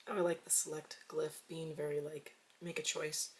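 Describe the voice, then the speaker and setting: A woman tarot reader casually flipping through a deck, softly murmuring each card's name in turn. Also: sits low, flat delivery, quick pace. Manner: soft-spoken, murmurs card names quietly one by one. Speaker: tarot reader reviewing decks.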